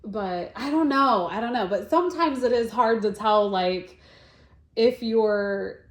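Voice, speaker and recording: A woman's voice: fairly high pitch, a little slow, echoey room. A woman co-hosting a podcast in casual chat, laughing often and filling her talk with "like". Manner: laughs often, many filler likes. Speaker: podcast co-host.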